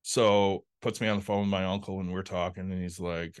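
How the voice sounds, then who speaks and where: Lowish voiced podcast guy, blunt storyteller, curses a lot. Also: flat delivery, brisk, clean tone. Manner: blunt storyteller, swears freely. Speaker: podcast co-host. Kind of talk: casual chat.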